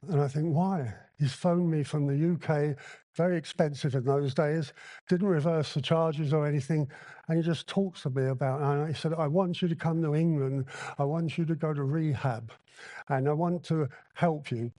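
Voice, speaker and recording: Male convention speaker, slightly high pitch, dry close sound, candid anecdotal delivery. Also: steady tone, normal speed, dark tone, no echo. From Hong Kong. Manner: blunt, candid storytelling with acted-out dialogue. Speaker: recovery meeting speaker. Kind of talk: personal recovery share at a convention. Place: convention hall.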